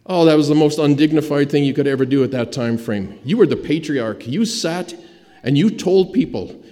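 A male pastor delivers a sermon as dramatic storytelling, rising to loud emphasis and then dropping almost to a hush. His voice is warm and mellow. A long reverb trails each phrase through the church hall. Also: on the high side, normal speed.

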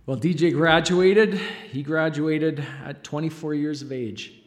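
A middle-aged father giving an emotional church testimony, halting and choked up, with frequent pauses and fillers. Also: a little high, steady tone. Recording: long reverb of a large hall.

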